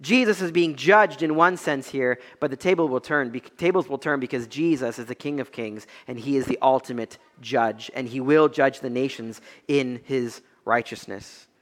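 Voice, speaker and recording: A young man preaching an expository sermon, swinging between loud emphatic peaks and low quiet stretches. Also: normal speed, hardly any pauses, long reverb tail. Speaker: pastor.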